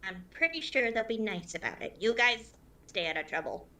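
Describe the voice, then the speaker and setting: A woman's voice: fairly high pitch, very animated, moderate pace, pushed and bright, recorded from a distance. A woman player in a tabletop game, speaking earnestly in character while planning. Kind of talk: tabletop role-play banter.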